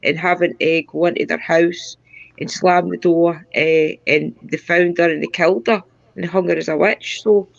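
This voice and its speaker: Scottish lady, 50s, gravelly, talking on her phone on a live stream, laughs a lot. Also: fairly low pitch, fairly even intonation, no echo, lo-fi sound. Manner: chatty, laughs often, tries to speak slowly. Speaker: guest on a paranormal live stream. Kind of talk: casual chat.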